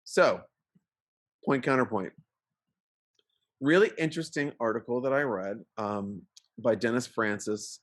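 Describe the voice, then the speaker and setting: A man co-hosting a podcast in casual chat, rambling with lots of fillers and restarts. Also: on the low side. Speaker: podcast co-host.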